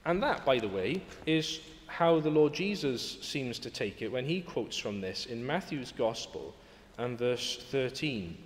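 A man's voice: medium pitch, lively intonation, a little slow. A man preaching a sermon in a church, earnest and emphatic, often rising to exclamations. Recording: echoey hall with long reverb.

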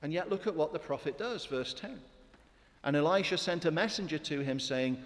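A man's voice: on the high side, expressive, a little fast, vocal fry, long reverb tail. A man preaching a sermon in a church, emphatic and full of rhetorical questions to his congregation.

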